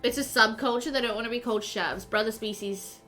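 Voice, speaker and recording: A woman's voice: fairly high pitch, brisk, pushed and bright, soft background music. A woman streaming a life-sim game live, chatting loosely, laughing often and reading out her chat as she plays.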